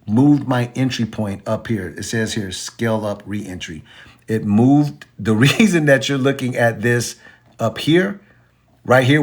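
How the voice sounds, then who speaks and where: A man casually teaching trading, animated and slangy, acting out both sides of an argument with himself. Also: mid-range voice. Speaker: trading educator.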